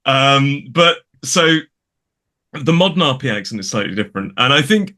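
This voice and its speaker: A chatty British English man with a bright, forceful voice and a mid-range pitch. He talks as a guest from his home studio, often correcting himself mid-sentence and laughing. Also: very animated, normal speed. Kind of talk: casual conversation. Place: home studio in a spare room.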